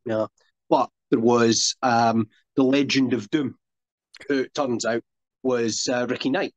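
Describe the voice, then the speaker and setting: A man's voice: medium pitch, steady tone, measured pace, no echo. A Scottish man in his forties, a wrestler guest telling long anecdotes on a podcast. He talks loosely and restarts his sentences often. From Scotland. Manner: rambling anecdotal storyteller with many restarts. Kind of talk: casual podcast interview storytelling. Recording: dull dry lo-fi audio.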